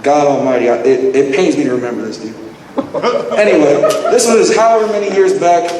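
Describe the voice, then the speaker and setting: A young man doing stand-up at an open mic, telling a self-mocking, profane story with lively timing. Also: on the high side, brisk. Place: large convention hall with live audience. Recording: echoey hall, distant mic, noisy.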